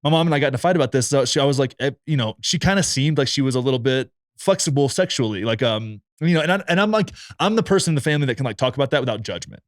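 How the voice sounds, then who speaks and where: A man's voice: mid-range voice, expressive, racing, few pauses, no echo, studio quality. A man hosting a podcast in casual chat, blunt and profane, full of fillers and restarts. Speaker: podcast host.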